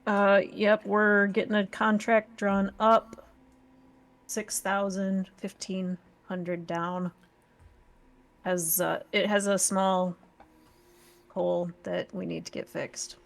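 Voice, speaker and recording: Female player, low flat gravelly voice, easygoing, plans out loud. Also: slow, pauses often. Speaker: tabletop game player. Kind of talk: casual in-character play.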